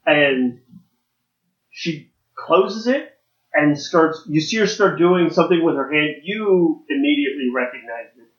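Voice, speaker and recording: A man's voice: on the high side, measured pace. Man running a tabletop game. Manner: loose, rambling narration with restarts. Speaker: game master. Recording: echoey room, dull lo-fi sound.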